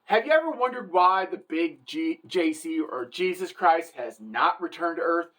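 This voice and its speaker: A woman's voice: lowish voice, animated, moderate pace, a bit bright. A woman giving an irreverent, wisecracking satirical comedy monologue, bragging and joking about the church.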